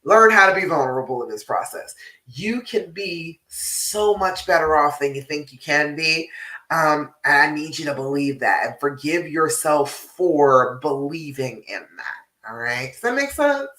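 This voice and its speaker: Woman coach live streaming, bright sharp voice, keeps asking all right?, echoey room a bit off mic. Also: sits low, animated, a little slow, recorded from a distance. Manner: direct and encouraging, tag questions like "all right?"; laughs often, frank and a little salty. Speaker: relationship coach.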